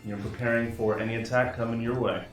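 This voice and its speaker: A man's voice: mid-range voice, level tone, fast, very echoey, distant mic, soft background music. Easygoing man running a tabletop game. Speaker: game master.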